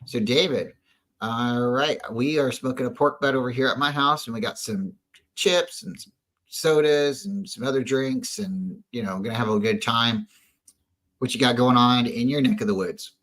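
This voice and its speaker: A man's voice: mid-range voice, normal speed, fairly bright tone, low-quality recording. A man co-hosting a casual sports fan show, telling a long family story with a lot of restarts and asides. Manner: rambling storyteller with many restarts. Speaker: podcast co-host. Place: at home.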